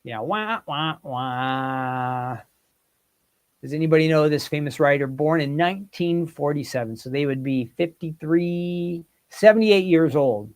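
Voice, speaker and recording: With a fairly high, somewhat mellow voice, a livestream host runs a casual quiz at a moderate pace with few pauses. Reading out the viewers' guesses and comments, he teases them playfully.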